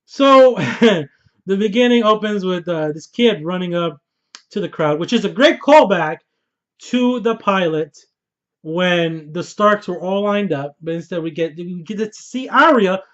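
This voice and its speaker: A young man talks through a TV episode in a loose, excited monologue, swearing freely and laughing as he goes. His voice sits high for a man. The audio sounds a little dull and lo-fi. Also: slow pace. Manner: animated, profane, laughing, slangy. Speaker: TV show reviewer. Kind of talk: excited casual review monologue.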